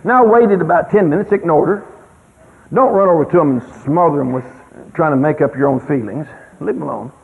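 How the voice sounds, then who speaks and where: Older man, folksy emphatic storyteller, high and lively delivery, thin radio sound. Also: a little fast, creaky. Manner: folksy, anecdotal, emphatic with sudden loud exclamations. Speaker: speaker on child rearing. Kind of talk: storytelling talk. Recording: tinny lo-fi radio broadcast with long reverb.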